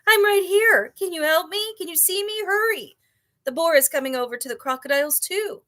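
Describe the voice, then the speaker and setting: A woman voicing a frantic young male baby dragon in a storybook reading, calling out in high, pleading, breathless cries. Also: brisk, a bit bright.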